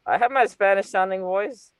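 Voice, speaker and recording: A man's voice: medium pitch, poor audio. A man from Los Angeles hosting a casual chat, blunt and joking, who swears freely. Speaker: interviewer, channel host.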